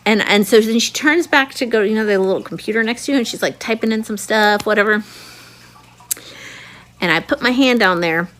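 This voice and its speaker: A woman recounts a personal story in a casual, chatty vlog style. She is animated and expressive, often acting out what other people said. Her pitch sits in an ordinary middle range for a woman. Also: brisk. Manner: animated, acts out quoted voices. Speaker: vlogger telling her birth story.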